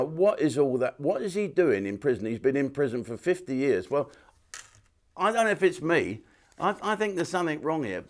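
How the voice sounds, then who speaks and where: Older comic, rambling chatty monologue, clip-on mic, mid pitch. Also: male voice. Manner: chatty, rambling, joke-telling. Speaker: comedian and host. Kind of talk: casual monologue to camera.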